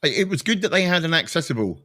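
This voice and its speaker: A man's voice: on the high side, sing-song, quick pace, pushed and bright. A man co-hosting a casual online chat show over a video call, talking in a rambling, self-deprecating way. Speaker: co-host.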